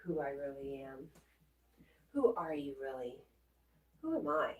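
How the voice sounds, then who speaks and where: A woman's voice: extremely low pitch, big pitch swings, measured pace, roomy sound, far from the mic, background noise. A woman hosting a casual livestream, chatting with viewers in a playful, teasing way. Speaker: livestream host. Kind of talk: casual live chat.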